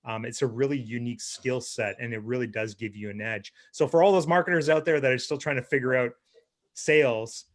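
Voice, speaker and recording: A man's voice: mid-range voice, brisk. A man co-hosting an interview podcast, easygoing and affirming as he asks questions. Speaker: podcast co-host. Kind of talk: casual interview chat.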